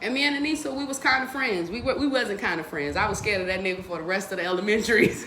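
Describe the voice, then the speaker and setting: A woman in her forties hosting a book reading stream, telling stories in a lively, profane way and laughing often. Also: medium pitch, fast talker, few pauses, echoey room. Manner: animated, profane, laughs a lot. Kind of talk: casual storytelling and book discussion.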